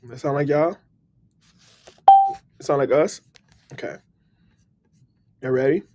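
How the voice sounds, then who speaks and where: A man hosting a casual motivational live stream, upbeat and slangy, giving shout-outs to his viewers. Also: mid-range voice, slow pace, heavy background noise. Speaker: livestream host. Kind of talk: casual motivational livestream talk.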